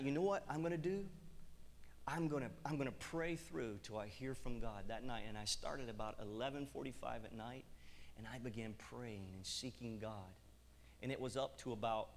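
A man's voice: mid-range voice, moderate pace. A man preaching in a reverberant hall. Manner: animated storytelling with acted-out dialogue. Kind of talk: sermon with personal testimony. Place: church hall.

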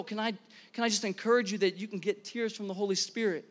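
A pastor in his thirties preaching a sermon to a congregation, energetic and conversational, asking the room questions. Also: high voice, quick pace. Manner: energetic, conversational, many restarts and audience questions. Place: church hall before a congregation.

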